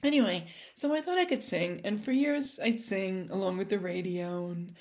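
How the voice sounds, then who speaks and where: A woman's voice: mid-range voice, moderate pace, a little mellow. A middle-aged woman with a slightly nasal voice, hosting a podcast in a rambling, self-deprecating chat. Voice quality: a little nasal. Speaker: podcast host. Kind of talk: casual chat.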